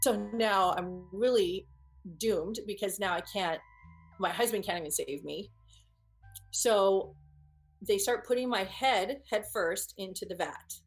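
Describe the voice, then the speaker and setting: A woman telling an audience a personal story firsthand, in an earnest, vivid way, often pausing to restart and repeat her words. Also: medium pitch, faint music behind. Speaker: speaker recounting a personal experience.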